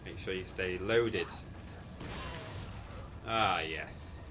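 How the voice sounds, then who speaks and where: A man's voice: sits low, extremely slow, background noise. Chatty man streaming a game. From England. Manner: chatty, rambling, self-deprecating, reads chat aloud. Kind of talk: casual livestream chat.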